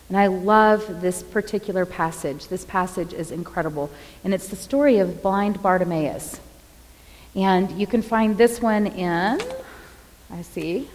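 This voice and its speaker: A woman giving a sermon, retelling scripture in an expressive, dramatic way. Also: fairly low pitch, long reverb tail, low-quality recording. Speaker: preacher.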